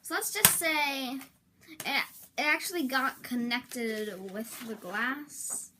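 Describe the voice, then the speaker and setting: A woman's voice: high voice, takes it slowly, background noise. A woman YouTuber in casual vlog talk, rambling and interrupting herself, with melodramatic outbursts.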